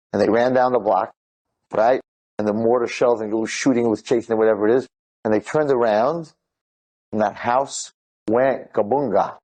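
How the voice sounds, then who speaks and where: Excited man telling stories. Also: fairly low pitch, moderate pace. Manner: excited, rambling retelling with Hebrew and Yiddish words. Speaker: speaker telling inspirational stories. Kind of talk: animated storytelling talk.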